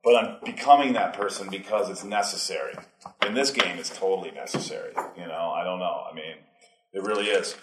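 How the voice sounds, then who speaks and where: A man's voice: low-pitched, fairly quick, slight background noise. A man speaking at a group meeting, talking casually and rambling, getting heated at times. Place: meeting hall. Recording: echoey meeting room.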